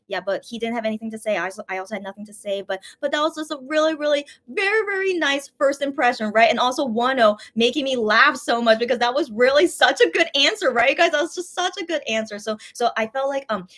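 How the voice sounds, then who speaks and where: A woman's voice: a little high, fairly bright tone. A woman hosting her own channel, gushing through a casual fan story with lots of fillers and restarts. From USA. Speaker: channel host.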